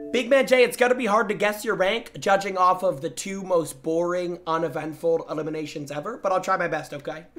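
Loud, teasing young male streamer. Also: high-pitched. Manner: loud and excitable, teasing, swings between shouting and muttering. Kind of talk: live-stream chat reacting to viewer gameplay clips.

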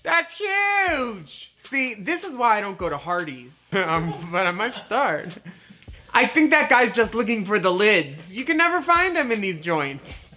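Brief: profane comedy host in his forties, crude and mocking, bright, forceful tone, faint music behind. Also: high voice, big pitch swings, normal speed. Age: 40s. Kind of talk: raunchy comedic video commentary.

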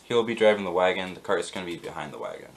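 Young male player, lowish voice, offhand and hesitant. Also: lively intonation, rapid-fire, a little hiss or hum. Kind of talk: casual tabletop chat.

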